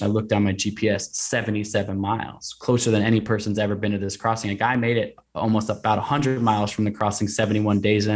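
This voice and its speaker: A man being interviewed, telling a long personal story in an animated conversational way, full of repeated fillers. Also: lowish voice. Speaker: guest recounting an expedition.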